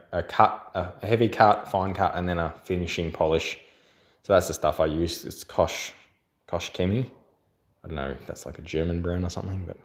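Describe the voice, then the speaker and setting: Rambling Aussie bloke on a livestream. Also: male voice, sits low, a little mellow. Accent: Australian. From Australia. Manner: rambling, lots of fillers and restarts, reads out viewer comments. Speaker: channel host doing a livestream. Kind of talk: casual livestream chat. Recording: echoey room.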